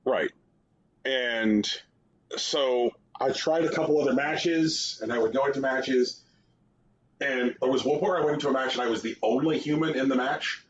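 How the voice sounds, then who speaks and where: In a dull lo-fi recording with slight background noise, a man with a mid-range voice talks at normal speed. As a podcast co-host chatting casually about games, he rambles through sarcastic stories full of fillers.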